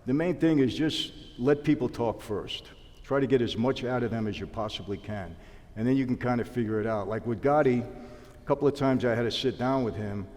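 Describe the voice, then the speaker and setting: A man tells a story in a sit-down interview and acts out each side of the conversation. His voice sits at an ordinary middle pitch. A long reverb trails after his words. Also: brisk. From New York. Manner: animated storyteller acting out dialogue. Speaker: interview guest, former mobster.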